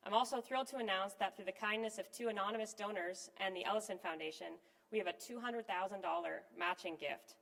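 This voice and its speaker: A woman delivering a scripted fundraising speech in a measured, earnest way to an audience at an event. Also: mid-range voice, vocal fry, fairly bright tone. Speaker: fundraising appeal speaker. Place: event venue with live and online audience. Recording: long reverb from a large hall.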